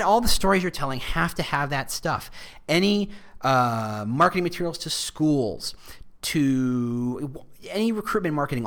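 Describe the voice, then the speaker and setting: Guy riffing on marketing and branding, super lively up-and-down voice, chatty with lots of asides. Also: mid-range voice. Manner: animated, conversational, self-correcting with asides. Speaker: marketing and employer-brand speaker. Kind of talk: casual explanatory talk.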